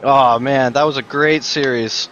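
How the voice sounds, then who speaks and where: A racing driver chatting to the commentators mid-race, relaxed and friendly. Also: male voice, medium pitch, unhurried. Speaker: racing driver interviewed live. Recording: dull lo-fi call with car noise.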